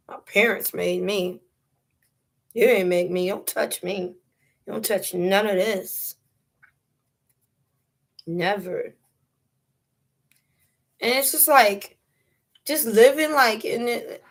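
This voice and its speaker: A young woman with a New York accent chatting casually on a phone livestream, laughing often and dropping slang. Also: fairly high pitch. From New York City. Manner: unhurried, drawn-out talk with frequent laughter and slang. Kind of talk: casual live stream chat.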